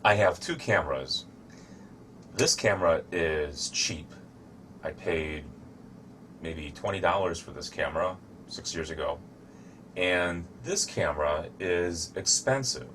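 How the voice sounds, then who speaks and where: Slow, deep-voiced man teaching English. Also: lively intonation, a bit bright, slight background noise. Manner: shows objects to camera while explaining. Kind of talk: slow, deliberate teaching explanation.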